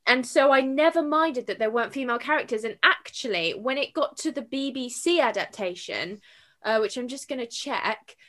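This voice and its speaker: Woman, casual chat, teary and giggly, very bright tone. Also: high voice, expressive, moderate pace. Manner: emotional, tearful, laughing often. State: crying. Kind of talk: casual film discussion.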